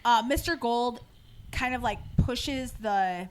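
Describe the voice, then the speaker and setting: Brief: woman podcast co-host, slightly high voice, lively rambling recap. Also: slow, a little hiss or hum. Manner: animated storytelling, frequent fillers and restarts. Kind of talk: casual recap of a TV episode.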